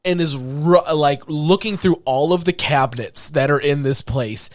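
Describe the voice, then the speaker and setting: A man on a podcast, recapping a movie in casual chat, laughing often and acting out lines in quick voices. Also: fairly high pitch. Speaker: podcast co-host.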